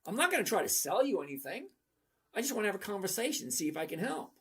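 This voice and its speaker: This trading channel host is a man in his sixties whose husky, high-sitting voice is very animated, quick, and fairly bright. In a casual livestream, he rambles bluntly while reading out what viewers write.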